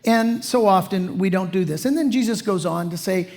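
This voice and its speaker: A man's voice: high-pitched, normal speed, gravelly, hardly any pauses, darkish tone. A male pastor preaching a sermon in a folksy, conversational way, often saying "you know".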